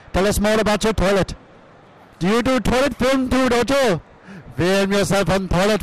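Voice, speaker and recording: Guy putting on a pompous broken-english character, high voice, choppy little phrases. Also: low-quality recording. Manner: stilted broken English, short barked phrases. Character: pompous broken-English comic foreign businessman. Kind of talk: improvised comic bit on a live podcast. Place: convention hall at a live expo.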